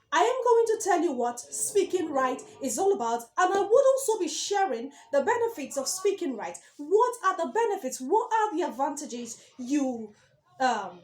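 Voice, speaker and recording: Emphatic high-voiced woman speech coach. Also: echoey room. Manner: emphatic, repeats key words, rhetorical questions. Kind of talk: direct-to-camera lesson.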